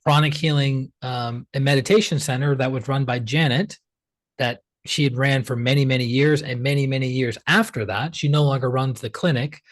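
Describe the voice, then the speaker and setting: A man's voice: medium pitch, no room sound. Chatty man telling a story, dry sound. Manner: chatty and animated, acts out quoted dialogue, many "like" fillers. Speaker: pranic healer, podcast guest. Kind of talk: storytelling in a conversational interview.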